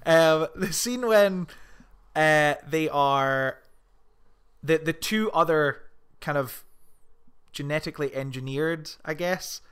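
A man's voice: a little high, slow pace, long pauses, fairly bright tone, clear, resonant tone. Rambling, laughing male film podcaster. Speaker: podcast co-host. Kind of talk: casual film discussion.

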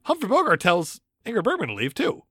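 A man co-hosting a casual movie-review podcast, quick-witted and teasing, arguing his points with jokes. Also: sits high, wildly swooping pitch, bright, forceful tone, slightly rough, dry recording, studio quality. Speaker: podcast co-host.

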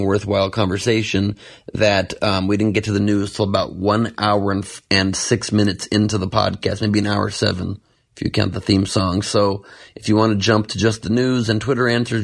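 A man's voice: on the low side, gravelly, breathy edge. A man hosting a podcast in casual, rambling chat, joking at his own expense and sleep-deprived. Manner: rambling, self-mocking, jokey asides. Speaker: podcast host.

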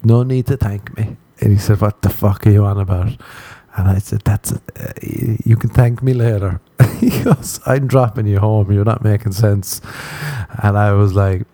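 A man's voice: on the low side, steady tone, normal speed, mellow, no room sound. A man hosting a podcast, telling crude, rambling stories and acting out the quotes in a casual comic monologue. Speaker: podcast host.

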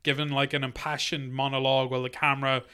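A man's voice: medium pitch, flat delivery, fast, bright, forceful tone, smooth. A man co-hosting a casual film podcast, joking, laughing often and saying "like" a lot. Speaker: podcast co-host.

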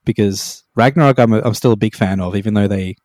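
A man with a fairly low, mellow voice chats in a laid-back, opinionated way and uses many fillers. The sound is dry, with no room echo. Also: quick pace. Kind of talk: casual chat.

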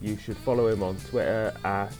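A man's voice: fairly low pitch, steady tone, moderate pace, over music. A man hosting a podcast, chatting casually with a dry, teasing manner and stumbling over repeated words. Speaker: podcast host. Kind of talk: casual chat.

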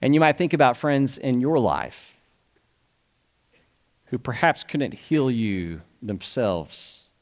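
A man, a pastor preaching a sermon in an earnest, conversational way and asking his listeners questions. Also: on the low side.

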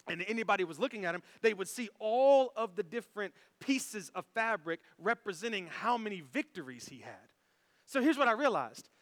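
Male pastor, high and bright, lively conversational sermon with faint music underneath. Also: no room sound. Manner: animated, conversational preaching with rhetorical questions.

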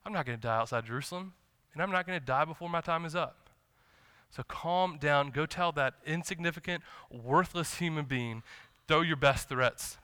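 A man's voice: a little high, sharp tone, smooth, dry recording. A man preaching a sermon in church, talking conversationally and acting out the dialogue of the scriptures he quotes. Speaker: pastor.

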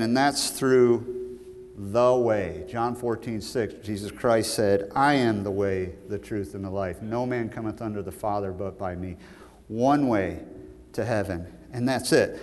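A man preaching a sermon with emphatic, storytelling delivery that swells to loud peaks. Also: on the low side. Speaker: pastor. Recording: long hall reverb.

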